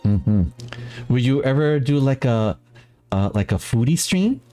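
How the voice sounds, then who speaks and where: Rambling man with a mellow voice. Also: medium pitch, measured pace, faint music behind. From Philippines. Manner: rambling, animated, laughs often. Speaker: talk show host. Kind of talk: casual chat.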